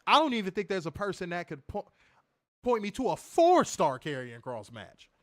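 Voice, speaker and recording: A man's voice: high voice, normal speed, dry recording, clean studio sound. A man hosting a wrestling review show, talking in casual, profane banter and telling stories with mocking impressions. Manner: animated, mocking, lively storytelling with impressions.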